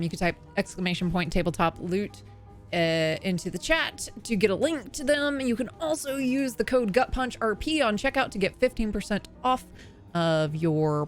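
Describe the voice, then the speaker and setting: A woman hosting a tabletop game livestream, giving casual announcements with lots of fillers and laughter. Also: on the high side. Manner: chatty, filler-heavy, laughing often. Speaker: stream host.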